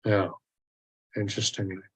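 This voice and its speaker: Male discussion leader, lowish voice, loose conversational delivery with restarts. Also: little pitch movement, normal speed, a bit bright, breathy edge, rough recording. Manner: conversational, with many fillers and restarts. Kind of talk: casual spiritual discussion.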